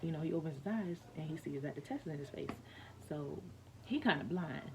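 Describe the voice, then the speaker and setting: With a low, gravelly voice, a woman vlogger rambles through a casual personal story full of fillers and restarts. She talks a little fast over clearly audible steady background noise.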